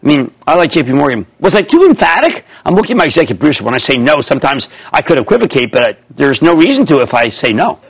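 Excitable husky-voiced man hosting TV. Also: a little high, fast, hardly any pauses. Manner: emphatic, excitable, jokey, riffing. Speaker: host. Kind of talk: animated stock market call-in show. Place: TV studio.

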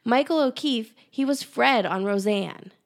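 A woman co-hosting a podcast, chatting in a relaxed, agreeable way with dry remarks about a TV episode. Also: a little high, measured pace, creaky. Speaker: podcast co-host. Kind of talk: casual chat recapping a TV episode.

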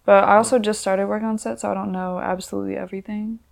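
A woman in her twenties, a podcast guest, chatting casually in relaxed, slangy talk full of "like". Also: medium pitch, fast, vocal fry. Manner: relaxed, slangy, many "like" fillers. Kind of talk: casual chat.

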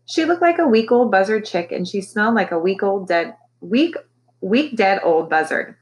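Woman, teacher, reading a children's novel aloud, expressive, mid-pitched. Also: moderate pace, a little hiss or hum, rough recording. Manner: expressive storytelling.

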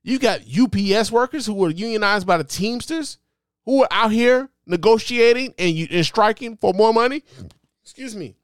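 A man's voice: high-pitched, expressive, moderate pace, no echo. A man hosting his own podcast, giving impassioned, profane solo commentary with lots of repetition and emphasis into a close mic. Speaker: podcast host.

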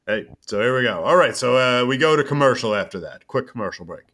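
A man with a bright, forceful voice hosts a casual podcast. He recaps a wrestling show in an animated, storytelling way, with quick asides along the way. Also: mid-range voice. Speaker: podcast host.

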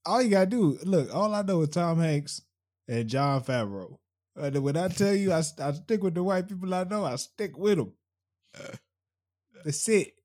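A man's voice: high-pitched, lively intonation, moderate pace, darkish tone. A man co-hosting a podcast in casual chat, laid-back and joking, repeating himself for emphasis. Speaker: podcast co-host.

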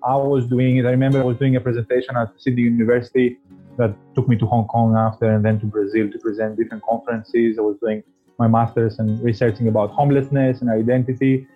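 A man's voice: medium pitch, little pitch movement, fast, muffled recording, faint music behind. A man speaking English as a second language, talking earnestly and passionately as a podcast guest, often restarting his phrases. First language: not English. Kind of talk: casual interview talk.

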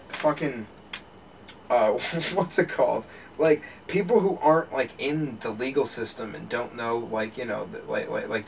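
A man in casual podcast chat, rambling with many restarts and frequent laughter. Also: mid-range voice. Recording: distant mic with faint background noise.

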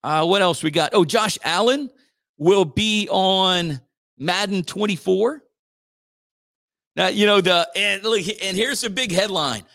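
A man's voice: high voice, measured pace, bright, forceful tone. A male radio host rambling through sports news in a slangy, casual chat. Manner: rambling, slangy, says dude a lot.

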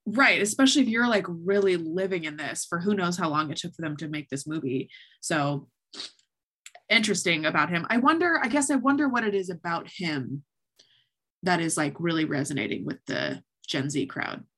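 A woman's voice: lowish voice, very animated, normal speed, fairly bright tone, breathy edge. A woman co-hosting a podcast, chatting casually with many fillers and frequent laughter. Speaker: podcast co-host. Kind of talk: casual chat.

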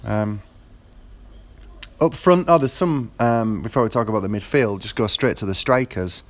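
A man with a somewhat low voice chats casually about football. He rambles, stopping often for fillers and starting his sentences over. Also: normal speed. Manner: rambling, with frequent fillers and restarts. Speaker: football fan. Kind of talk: casual monologue.

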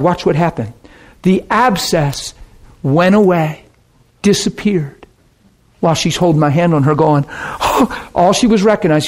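A middle-aged man preaching a sermon, telling a story and acting out the people in it with big jumps in his voice. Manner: animated, acts out quotes with big pitch jumps.

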